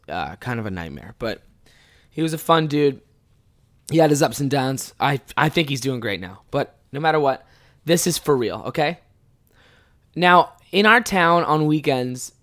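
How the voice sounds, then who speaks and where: A podcast host in their twenties, telling a long rambling story in a casual, swear-heavy way, often breaking into laughs. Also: mid-range voice. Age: 20s.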